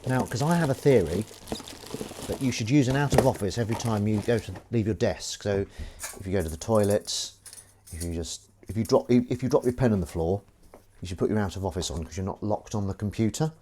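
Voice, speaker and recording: Over the clink of dishes and cutlery and other background noise, a livestream host washes up while chatting and joking, calling out viewers by name. His pitch is fairly low and he speaks briskly.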